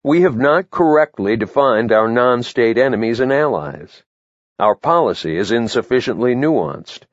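A man reading his own memoir aloud in the first person, with a measured, matter-of-fact delivery. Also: mid-range voice, dry recording, dull audio. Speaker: memoir narrator.

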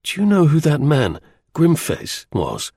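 A man reading the part of a blunt, restless young gentleman, in a clipped upper-class manner. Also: a little high, wildly swooping pitch, a little slow, vocal fry, slightly rough, no echo, clean studio sound, pitched above the performer's own voice, full character voice.

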